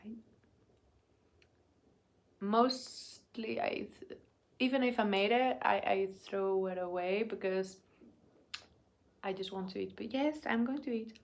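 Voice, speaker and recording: Brief: young adult woman, eating-vlog chat, slow, unhurried delivery, halting, drops to murmurs and whispers. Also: mid-range voice. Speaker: vlogger.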